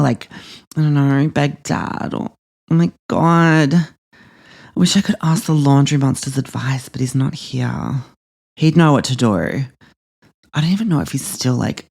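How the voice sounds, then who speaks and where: A man's voice: fairly high pitch, vocal fry, a little mellow. A man voicing a spoiled, dramatic young Australian woman who gushes, gasps and swears through a comedy podcast monologue. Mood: whiny. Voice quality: gushing, breathless, swears constantly, lots of gasps. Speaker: podcast host character.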